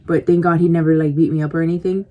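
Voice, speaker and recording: The audio is dull, and her low voice races along with little pitch movement. A vlogger snacking on camera, she confides a chatty, meandering story to her viewers, thick with "like" and "you know," through a compact camera mic.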